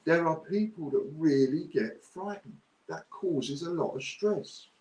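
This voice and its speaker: A man's voice: a little high, a little slow, a little mellow, reverberant, low-quality recording. A man ranting to camera, blunt, indignant and repetitive. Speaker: business owner vlogger.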